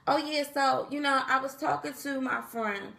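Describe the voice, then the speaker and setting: A woman's voice: high voice, normal speed, creaky, bright, forceful tone, echoey room. A tired woman vlogging in a casual, chatty way, talking straight to her viewers and acting out what people said. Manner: chatty, talks straight to viewers, acts out quotes. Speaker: pregnancy vlogger. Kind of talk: casual chat to camera.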